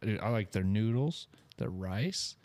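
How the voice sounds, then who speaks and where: A man hosting a casual podcast chat, animated and laughing often, with quick asides. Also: on the low side. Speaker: podcast host.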